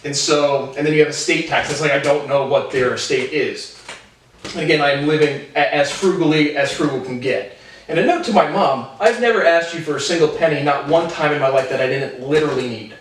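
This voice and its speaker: A man in his twenties giving a rambling, profane personal monologue to camera, jumping between animated tangents. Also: fairly high pitch, a little fast, slight background noise. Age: 20s. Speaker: vlogger. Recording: very echoey room, voice far from mic.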